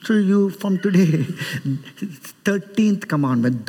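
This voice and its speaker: A man's voice: high voice, moderate pace, husky. A middle-aged man from India preaching a sermon in a church, joking with the congregation and acting out voices. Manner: animated, joking with the congregation, acts out quoted voices. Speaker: guest preacher. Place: church sanctuary. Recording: preached in a large reverberant hall.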